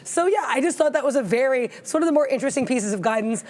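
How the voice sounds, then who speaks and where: A woman's voice: high voice, expressive, quick pace, a little mellow. A woman co-hosting a live trading show, chatty and playful, reading viewer comments and talking through charts. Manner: chatty, playful, reads chat comments aloud.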